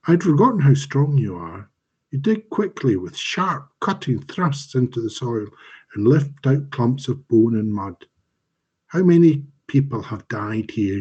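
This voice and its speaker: A husky, medium-pitched man reads his dark fantasy fiction live on stream through a home microphone. As the author, he reads slowly, measured and dramatic, while the recording's highs are cut off.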